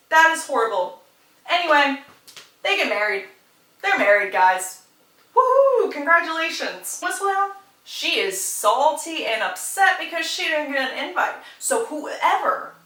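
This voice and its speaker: A woman's voice: high-pitched, sharp tone, recorded from a distance. A young woman giving a chatty, casual plot recap with sarcastic asides. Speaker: book reviewer. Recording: roomy, slightly off-mic.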